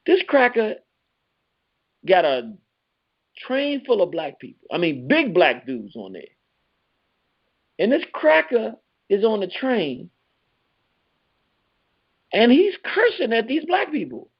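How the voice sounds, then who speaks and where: Excitable D.C. man hosting lo-fi radio. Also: takes it slowly, long pauses, husky. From Southeast Washington, D.C. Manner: excitable, pitch leaps up when telling the story; streetwise slang, repeats words while searching. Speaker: radio show host. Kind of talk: animated storytelling monologue.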